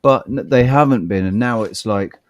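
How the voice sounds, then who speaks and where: A man's voice: medium pitch, moderate pace, dry recording. A man co-hosting a podcast in casual chat, rambling, repeating words and swearing freely. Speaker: podcast co-host.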